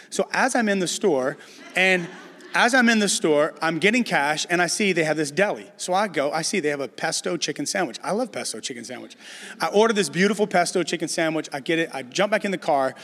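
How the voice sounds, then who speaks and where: Animated male pastor in a reverberant hall. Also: a little high, a little fast. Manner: animated storytelling, addresses the congregation with humor. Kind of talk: sermon.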